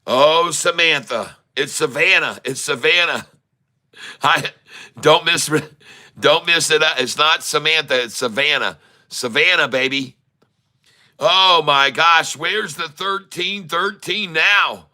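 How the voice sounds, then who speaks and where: A middle-aged man streams his day-trading live, teasing and pleading with the market makers. He drags his words out slowly, and his voice is bright and cutting. The tone stays smooth and clean throughout. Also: a little high. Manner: excitable, taunting, drawls numbers, talks to the market.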